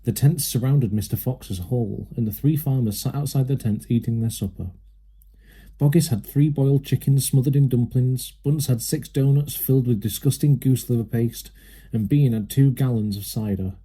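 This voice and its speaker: A man narrating a children's storybook aloud with a steady, lively manner. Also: mid-range voice, normal speed, slightly rough. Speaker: reader.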